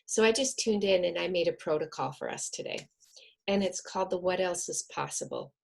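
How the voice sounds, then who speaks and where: Gravelly, husky woman guiding breathing. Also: on the low side. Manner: soft, earnest, counts slowly. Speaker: wellness speaker. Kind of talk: guided breathing coaching. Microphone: video call.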